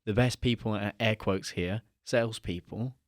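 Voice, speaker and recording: Young guy telling a sales story, low voice, acts out who said what, dry close sound. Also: moderate pace, no room sound. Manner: animated, acts out quoted dialogue. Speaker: podcast guest. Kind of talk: casual storytelling.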